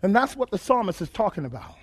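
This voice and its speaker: A male preacher delivering a sermon in a call-and-response style, repeating his phrases and rising to shouts. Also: high voice, big pitch swings, fast, husky.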